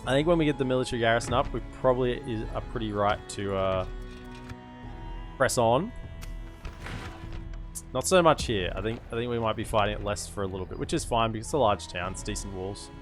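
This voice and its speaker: A man's voice: on the low side, a little fast, long pauses. A man casually commentating his strategy game as he plays, thinking aloud and amusing himself. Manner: rambling, self-amused, thinking aloud. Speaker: gaming streamer. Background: game music.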